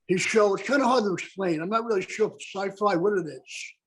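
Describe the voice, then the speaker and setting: Male podcast host, chatty and rambling, fairly high voice, tag questions. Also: fairly quick, a bit bright, slight background noise, poor audio. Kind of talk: casual podcast interview.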